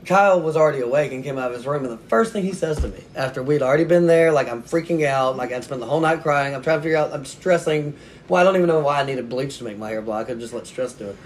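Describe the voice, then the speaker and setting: A man in casual podcast chat, telling a long story about himself with a self-mocking streak and frequent laughter. His voice sits at a medium pitch, with a faint low rumble behind it. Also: quick pace. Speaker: podcast guest, author.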